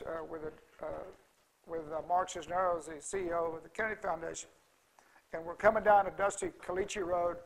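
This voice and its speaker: A middle-aged man spins a folksy, rambling story at a conference, stumbling through restarts and fillers. His voice sits high for a man and has a gravelly edge. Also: poor audio. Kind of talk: casual storytelling talk.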